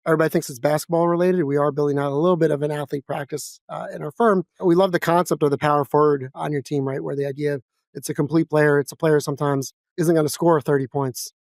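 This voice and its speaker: A man with a New York accent, a guest in a casual interview, talking fast and bluntly with lots of energy. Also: fairly high pitch, fairly even intonation, gravelly, a little mellow, dry recording, studio quality. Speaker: guest, financial advisor. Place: office.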